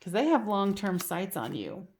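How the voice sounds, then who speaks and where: A woman's voice: medium pitch, big pitch swings, normal speed, darkish tone, breathy edge. Chatty woman giving a tarot reading. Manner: chatty, reassuring, leans on "you know" and "like". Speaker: tarot reader. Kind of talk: casual tarot card reading to camera.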